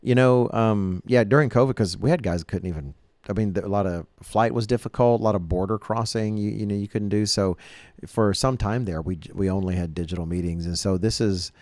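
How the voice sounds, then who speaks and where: A man's voice: lowish voice, brisk, a little mellow, no echo. A man hosting a podcast in casual chat, earnest and rambling, often restarting his sentences. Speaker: podcast host.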